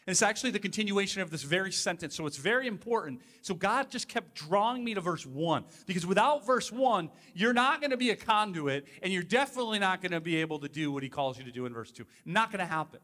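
High, bright-voiced pastor preaching in a hall. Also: male voice, expressive, fast talker, hardly any pauses. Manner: conversational, emphatic, uses rhetorical asides. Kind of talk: sermon.

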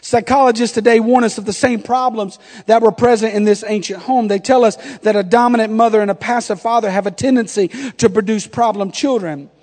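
With a notably high yet somewhat dark-toned voice, a thirtysomething pastor preaches, acting out every exchange in a lighthearted story. His speech echoes through a long hall reverb.

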